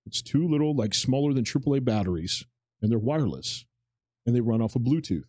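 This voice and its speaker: Man, forties, rapid talker, mellow low-toned voice, rambling anecdotal podcast chat, acts out quoted lines. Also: animated, no room sound. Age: 40s. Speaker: podcast co-host. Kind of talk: casual chat.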